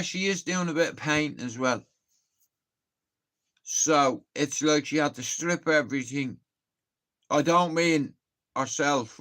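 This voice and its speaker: A man's voice: mid-range voice, fairly bright tone. Sweary Irish man streaming live. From Ireland. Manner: sweary, rambling storytelling, laughs at own tales. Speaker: livestreamer. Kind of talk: casual live-stream chat.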